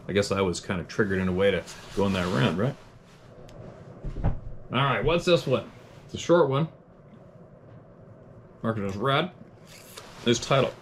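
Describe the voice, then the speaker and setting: A man with a fairly low voice hosts an unscripted podcast, ranting bluntly and cursing freely. Between his tirades he chuckles at himself and reads out listener letters, with a faint hum of ambience behind him. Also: lively intonation, unhurried, pauses often. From Canada. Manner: blunt, profane, heated ranting; self-deprecating chuckles.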